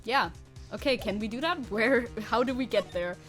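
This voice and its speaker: A woman's voice: fairly high pitch, normal speed, fairly bright tone. A woman streamer giving casual, playful commentary while playing a game, laughing and swearing freely, over faint game music.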